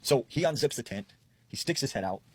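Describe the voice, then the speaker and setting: A man's voice: fairly quick, husky. A man casually retelling creepy campfire stories, dropping his voice to quote people. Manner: relaxed retelling, quoting people in a lowered voice. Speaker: storyteller. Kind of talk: casual spoken storytelling.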